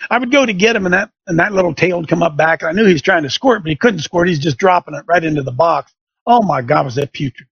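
A man's voice: on the high side, animated, fast, fairly bright tone, husky, highs cut off. A middle-aged man hosting a show, telling a folksy story and turning it into an emphatic sermon-like lesson for listeners. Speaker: show host. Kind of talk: preaching radio monologue. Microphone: studio microphone.

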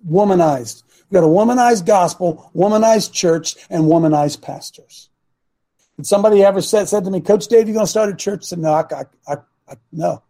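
A man hosting a talk show as a coach, preaching with passion and at times shouting. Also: high-pitched, fairly quick. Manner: impassioned, swings to shouting. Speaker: host and coach.

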